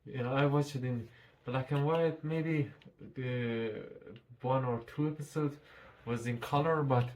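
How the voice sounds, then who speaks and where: A man's voice: medium pitch, steady tone, a little slow, few pauses. A man reviewing a show in a casual vlog, talking through a mask, rambling and swearing freely.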